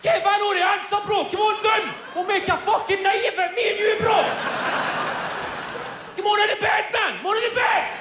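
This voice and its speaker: A comedian putting on a phone that talks like an overexcited mate, loud and shrill, urging him out of bed. The shouts ring out in a big roomy venue over a loud crowd. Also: male voice, fairly even intonation, moderate pace, background noise. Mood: eager. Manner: loud, shouting, high-pitched coaxing.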